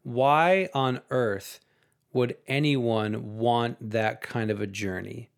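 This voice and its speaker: A man's voice: mid-range voice, slow pace, clear, resonant tone. A man in casual discussion, thoughtfully posing a question and restarting his sentences.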